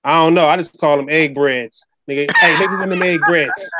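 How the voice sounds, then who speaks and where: High-voiced joking man. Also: brisk, heavy background noise. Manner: joking, loud slang banter. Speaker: podcast co-host. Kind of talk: casual chat.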